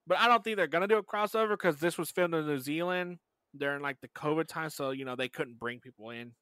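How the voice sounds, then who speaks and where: A man co-hosting a casual fan podcast, laid-back and quick to laugh. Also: on the high side, sharp tone, clear, resonant tone, dry recording. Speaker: podcast co-host.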